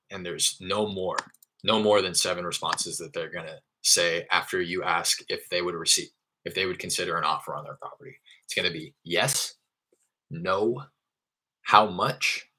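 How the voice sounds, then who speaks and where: A man's voice: sits low, sharp tone. A man working as a real estate wholesaler, explaining his cold-call script and then calling sellers in a polite, easygoing sales manner.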